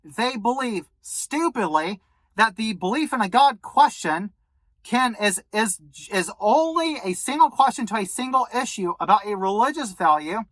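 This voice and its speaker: A woman's voice: on the high side, lively intonation, normal speed, no room sound, low-quality recording. A woman vlogger delivering an angry, profane commentary rant to her viewers. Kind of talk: ranting commentary to camera.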